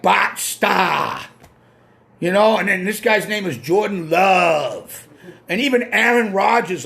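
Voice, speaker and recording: A man's voice: extremely high pitch, fairly bright tone. A man from Massachusetts with a Boston accent, hosting a casual live stream. He rambles bluntly, swears freely and greets viewers by name.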